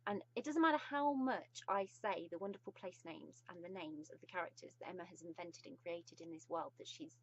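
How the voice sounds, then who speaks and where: A woman's voice: on the low side, muffled recording. Gushing British woman reviewing books. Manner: gushing and effusive, with frequent pauses. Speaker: book reviewer. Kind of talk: casual video book review.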